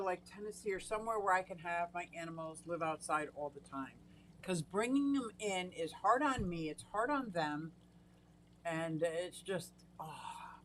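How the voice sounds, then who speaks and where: A woman's voice: on the low side, slight background noise. A middle-aged woman hosting a casual live stream from her fish room at home, chatting away and greeting viewers by name. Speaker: aquarium hobbyist live-stream host.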